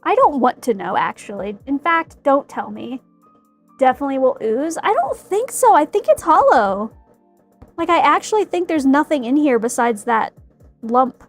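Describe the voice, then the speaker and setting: Working on a cosplay prop in her indoor workspace, a streamer keeps up casual live chat, laughing often and yelping in pretend alarm. Her high voice has a sing-song lilt at normal speed, over soft background music.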